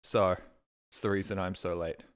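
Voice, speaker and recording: A man streaming a game, telling rambling everyday stories and acting out his own exasperated reactions in a sudden higher voice. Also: fairly even intonation, normal speed, smooth. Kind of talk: casual stream chat, storytelling.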